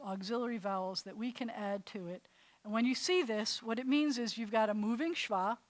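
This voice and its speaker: A woman rabbi teaching a live class, chatty and animated, laughing at herself as she demonstrates sounds. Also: fairly high pitch, no echo. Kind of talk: classroom lesson. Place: congregation classroom.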